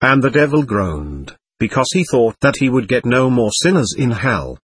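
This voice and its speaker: A man voicing a simple, pious peasant coachman who speaks slowly and deferentially. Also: medium pitch, big pitch swings, slightly rough, dry recording. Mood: earnest. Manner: slow, deferential, gentle. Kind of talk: audiobook character voice.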